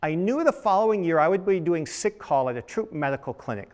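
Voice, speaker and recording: A man's voice: fairly high pitch, lively intonation, brisk, a little mellow. Storytelling dermatologist, a middle-aged man. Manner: storytelling with quoted voices and rhetorical questions. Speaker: panelist, dermatologist. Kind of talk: panel talk to students.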